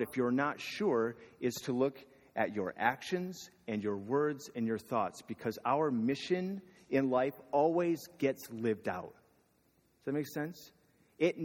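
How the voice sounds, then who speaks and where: A man's voice: mid-range voice, expressive, a little slow. A man preaching a sermon in a casual, conversational way, asking the listeners questions. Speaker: pastor. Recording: long reverb of a hall.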